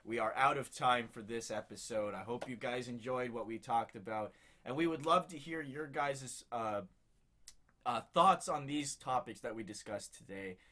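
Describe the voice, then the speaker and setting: In a relaxed podcast conversation, a young co-host recounts stories with plenty of laughter and animation. He speaks at normal speed in a medium-pitched voice.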